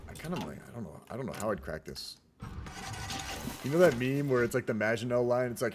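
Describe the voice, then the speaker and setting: A man's voice: medium pitch, expressive, fairly quick, background noise. Rambling man casting a game. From United States. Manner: rambling, chatty, talks to the chat. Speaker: game caster. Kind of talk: casual strategy game replay commentary.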